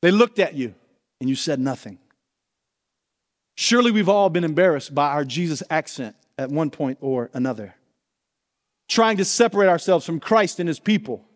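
A pastor delivers an earnest sermon in a high, bright-edged voice, pressing his listeners with direct questions. His words ring out with a long reverb, as from a church sanctuary. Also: animated, moderate pace, long pauses.

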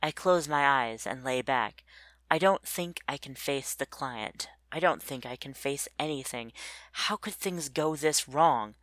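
A narrator reading a first-person story in an introspective, measured way. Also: medium pitch, a bit bright, no echo.

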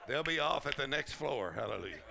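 Gravelly, exuberant preacher. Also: male voice, mid-range voice, noisy background. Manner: exuberant, laughing, shouting "woo". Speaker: pastor. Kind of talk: sermon. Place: conference hall. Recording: crowd heard in a hall.

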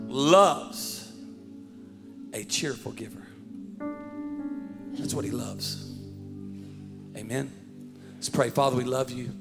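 A man preaching a sermon as pastor, telling stories with rising, animated delivery that breaks into shouts. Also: medium pitch, long reverb tail.

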